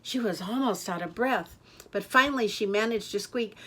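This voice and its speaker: An older woman reading a children's picture book aloud in a lively, expressive way. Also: medium pitch, normal speed. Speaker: storyteller. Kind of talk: children's story read-aloud.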